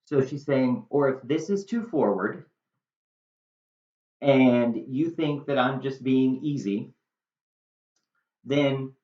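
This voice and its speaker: A male teacher explains a monologue line by line, turning it into plain, casual modern talk. He speaks slowly and at an even middle pitch. The recording sounds dull and lo-fi, with a roomy echo around his voice. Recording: echoey room, dull lo-fi sound.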